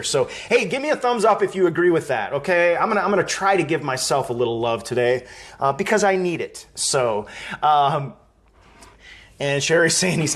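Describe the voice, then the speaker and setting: A man's voice: on the high side, a bit bright. Chatty man hosting a live fan show. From Wisconsin. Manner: chatty, laughing, reads viewer comments aloud. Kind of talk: casual live-stream chat.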